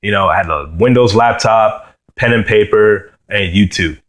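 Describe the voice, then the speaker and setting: A young man from New York sharing his personal testimony as a guitarist, earnest and halting, often saying "you know" and "man.". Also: on the low side, fairly bright tone. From New York, USA.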